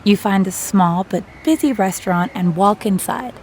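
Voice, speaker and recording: A woman's voice: mid-range voice, moderate pace, darkish tone, slight background noise. A woman hosting an audio language lesson, narrating scenes and encouraging the listener in an upbeat, scripted way.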